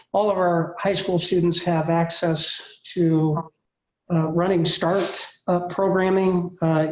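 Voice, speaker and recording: A man speaking as a school district administrator in a formal meeting, measured and halting, with many fillers. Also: on the high side, a little mellow. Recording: echoey room.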